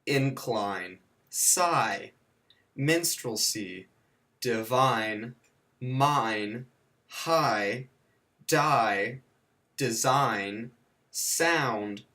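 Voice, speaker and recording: A man reads a scripted video lesson at an unhurried, deliberate pace, with his voice at an ordinary middle pitch. He spells points out one at a time and drops in dry jokes and mock corrections of his own. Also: bright, forceful tone. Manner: dry joking asides, mock self-corrections; counts and spells out points slowly. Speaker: teacher.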